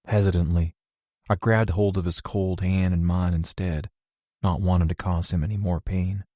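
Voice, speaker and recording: A man reading first-person scripted narration in a measured, emotional way. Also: low-pitched, steady tone, mellow, dry recording, clean studio sound. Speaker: audiobook narrator.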